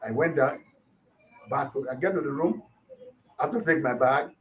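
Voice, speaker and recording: A man's voice: mid-range voice, normal speed, distant mic, a little hiss or hum, poor audio. A Nigerian man, a pastor, animatedly retelling a dispute in an interview, acting out the quotes as he goes. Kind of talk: storytelling interview.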